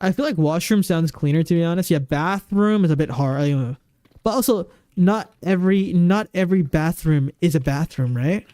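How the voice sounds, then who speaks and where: A man's voice: a little high, normal speed, dark tone, dry recording. A man streaming a game live, chatting casually and rambling while he answers viewers' questions at a desk microphone.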